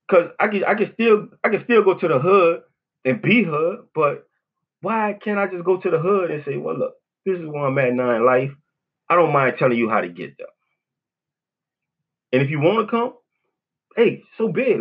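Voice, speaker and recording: A man with a New Orleans accent holds forth alone on his podcast, blunt, profane and rambling, tossing in "you know what I'm saying" again and again. His voice sits a little high and sounds husky. The recording is dull and lo-fi. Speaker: podcast host. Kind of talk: casual monologue.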